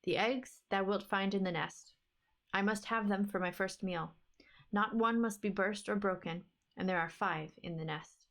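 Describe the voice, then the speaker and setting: A woman voicing a demanding male giant who speaks in slow, old-fashioned thou-speech, read from a fairy-tale book. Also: mid-range voice, a bit bright, natural voice.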